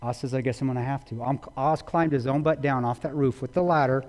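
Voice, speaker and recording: A man's voice: mid-range voice, fairly even intonation, fast talker, a little mellow. A man giving a public talk, retelling a story intensely with quoted dialogue. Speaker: guest speaker. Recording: long reverb of a large hall.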